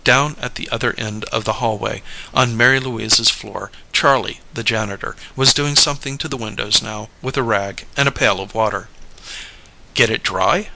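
Bright, gravelly male storyteller. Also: lowish voice, a little hiss or hum, poor audio. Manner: measured storytelling, voices the characters. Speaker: audiobook reader. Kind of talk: scripted narration.

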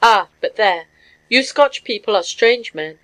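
A woman voicing a passionate Russian man who speaks gravely and pleads earnestly. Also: mid-range voice, lively intonation, a little slow, fairly bright tone, low-quality recording.

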